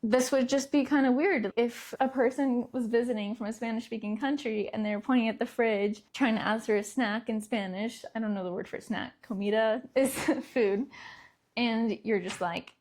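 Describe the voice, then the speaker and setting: A woman's voice: a little high, fairly even intonation, moderate pace, darkish tone. A young adult woman hosting a parenting podcast, talking casually and laughing lightly between words. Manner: conversational, laughs lightly mid-sentence. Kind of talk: casual solo talk.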